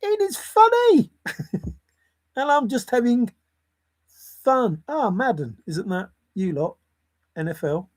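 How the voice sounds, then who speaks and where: Slow and very animated, with long pauses, a high-voiced man narrates video of his treasure hunt. He rambles along, giggling, repeating words, and muttering under his breath.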